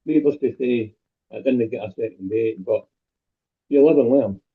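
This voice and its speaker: A man's voice: medium pitch, moderate pace, slightly rough. Scottish man doing crude stand-up. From Scotland. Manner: crude, self-deprecating punchlines. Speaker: stand-up comedian. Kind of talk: stand-up set over a video call. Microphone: video call. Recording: tinny phone-like call audio.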